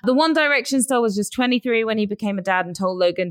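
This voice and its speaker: A woman's voice: on the high side, lively intonation, fast, hardly any pauses, smooth, no echo. An English woman hosting a casual celebrity news chat, reading gossip items aloud and then giving blunt opinions. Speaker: host.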